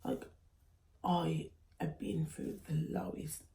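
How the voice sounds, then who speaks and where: A woman's voice: deep voice, flat delivery, takes it slowly, gravelly, dark tone. A young woman in her twenties from England, talking casually and earnestly to camera as a mum vlogger. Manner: chatty, earnest, frequent fillers. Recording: echoey room.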